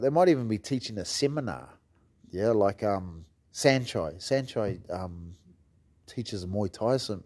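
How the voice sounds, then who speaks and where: A man with a New Zealand accent talks about his martial arts gym in a mellow, dark-toned voice. His delivery is loose and rambling, with frequent fillers and casual swearing. He sounds like a coach chatting off the cuff. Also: on the low side. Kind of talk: casual storytelling chat.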